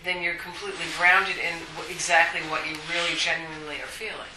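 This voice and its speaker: A woman's voice: on the low side, little pitch movement, fast talker. A woman in a group discussion, talking hesitantly with many restarts and fillers. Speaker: study group participant. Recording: echoey room picked up from a distance, faint hiss.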